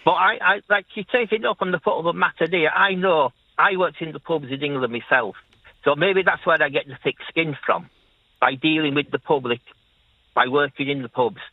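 A man's voice: fairly high pitch, moderate pace, no echo. Chatty older Irish man on a phone line. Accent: Leeds-tinged Irish. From Ireland. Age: 60s. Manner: chatty, rambling, repeats himself. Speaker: caller, taxi driver. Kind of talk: phone-in radio chat.

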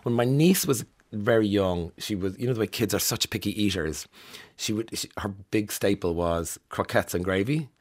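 Male morning radio host, slightly low and husky, wry and chatty. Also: moderate pace. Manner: chatty, wry, laughs through stories. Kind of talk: morning radio news chat.

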